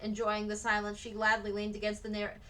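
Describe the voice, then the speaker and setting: A woman reading a children's novel aloud at a steady storybook pace. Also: mid-range voice, a little fast, rough recording. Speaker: read-aloud narrator.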